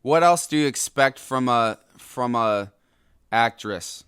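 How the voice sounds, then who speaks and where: A young adult man hosting a solo podcast, ranting in an angry, exasperated way with sudden loud outbursts. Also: mid-range voice, expressive, slow pace, clear, resonant tone, no room sound, studio quality. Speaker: podcast host.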